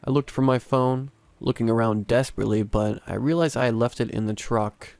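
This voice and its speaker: A man narrating a first-person horror story in a measured, dramatic way. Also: medium pitch, vocal fry, a little mellow, no echo, soft background music.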